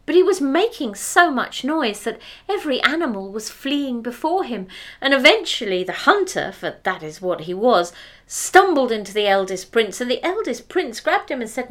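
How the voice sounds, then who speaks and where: A woman telling a fairy tale aloud, expressive, dropping to whispers for effect. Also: on the high side, moderate pace. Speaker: storyteller. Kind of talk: oral fairy-tale storytelling.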